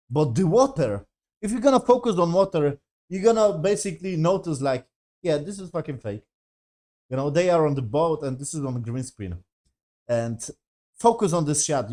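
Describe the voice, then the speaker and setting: A man's voice: on the high side, warm tone. Profane, exasperated man ranting in a review. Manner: profane, exasperated, rambling with many fillers. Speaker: TV show reviewer. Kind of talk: casual review rant.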